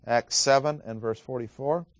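A male Bible teacher lectures in a measured, emphatic way, leaning on key words as he reads passages aloud. His voice sits at an ordinary middle pitch and is recorded close and dry, with no room sound. Small "uh" fillers break up his explanations. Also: fairly even intonation, no room sound. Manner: frequent "uh" fillers.

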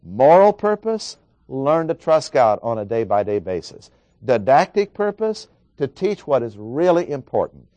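A man's voice: medium pitch, sing-song, a little slow, dark tone, no echo, highs cut off. A man preaching an expository Bible lesson, working through numbered points and reading scripture aloud.

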